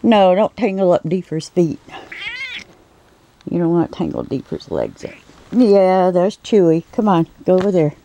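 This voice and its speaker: A woman with a warm, mellow voice, somewhat low for a woman, talks to her pets at home at night. She coos and scolds in a sing-song way, holding the camera in one hand, and turns to the viewers to explain how she keeps them. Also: moderate pace, low-quality recording. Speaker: pet keeper vlogger. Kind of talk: casual talk to her pets while filming. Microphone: handheld camera.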